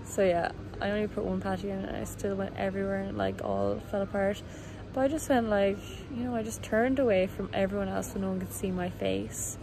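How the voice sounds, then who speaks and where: A woman's voice: mid-range voice, animated, a little fast, background noise. Tired woman vlogging on a phone. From Ireland. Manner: chatty, rambling, self-mocking. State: tired from long travel. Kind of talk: casual travel vlog. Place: airport room and plane cabin.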